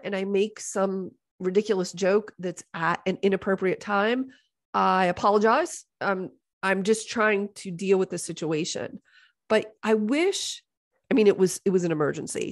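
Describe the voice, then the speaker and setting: A middle-aged woman hosting a podcast, telling a story in a casual, animated way, exasperated and joking, often slipping into the voices of others. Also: mid-range voice, moderate pace. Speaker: podcast host.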